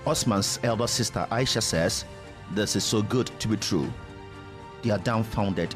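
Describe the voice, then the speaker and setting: A man giving measured, formal scripted news narration as a reporter. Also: lowish voice. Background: music.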